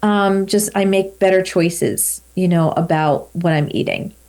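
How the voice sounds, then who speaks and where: A woman's voice: fairly low pitch, measured pace, a little mellow. A woman in her fifties, a podcast guest, talking candidly and reflectively in a casual interview. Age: 50s. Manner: candid and reflective, with light laughs.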